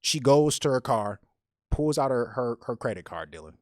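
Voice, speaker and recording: A man telling a personal story on a podcast, animated and often repeating words as he goes. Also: medium pitch, moderate pace, no echo, clean studio sound.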